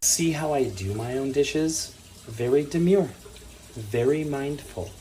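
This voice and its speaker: A man showing off as a considerate husband in a slow, teasing way. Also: medium pitch, warm tone, a little hiss or hum. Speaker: husband in a social media clip.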